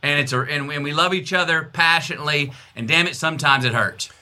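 This interview guest is a man in his fifties from Texas, speaking with a Texan accent at a quick pace in a bright, pushed voice. The talk is conversational, and his delivery is emphatic, full of repeated phrases and wide pitch swings.

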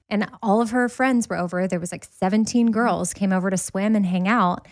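A middle-aged woman hosting a podcast, chatting in an animated, storytelling way and laughing easily. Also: medium pitch, normal speed, few pauses, no room sound, clean studio sound. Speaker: podcast host. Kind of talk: casual chat.

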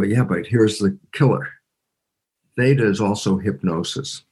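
Older man, interview guest, husky voice, animated storyteller, voices his characters. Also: medium pitch. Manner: acts out voices in anecdotes, exclaims.

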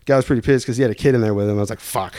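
A man's voice: medium pitch, steady tone, racing, warm tone, no echo, studio quality. A young man from Louisville, Kentucky, telling rambling, profane stories as a podcast guest. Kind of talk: casual storytelling.

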